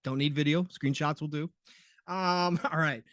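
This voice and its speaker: A man's voice: fairly high pitch, steady tone, normal speed, fairly bright tone, dry recording, clean studio sound. A man co-hosting a gaming podcast in casual chat, teasing and laughing often. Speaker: podcast co-host.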